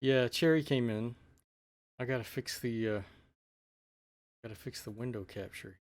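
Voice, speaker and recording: A man co-hosting a live stream, chatting casually and laughing while cartoons play, with many fillers and restarts. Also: medium pitch. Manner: laughs often, halting with fillers. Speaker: podcast co-host. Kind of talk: casual chat over cartoons.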